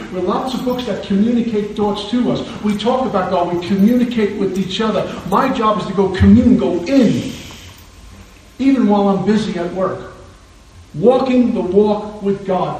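A man's voice: high voice, darkish tone, a little hiss or hum. A middle-aged man giving an earnest personal testimony at a recovery meeting, telling his story with wry laughs. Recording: very echoey hall, distant mic.

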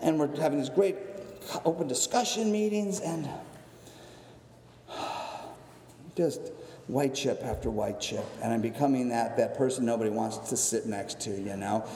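A man telling his recovery story to a meeting, animated and acting out the voices of others, swinging between excitement and somber reflection. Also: medium pitch, measured pace, pauses often, a little hiss or hum. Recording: echoey hall, long reverb.

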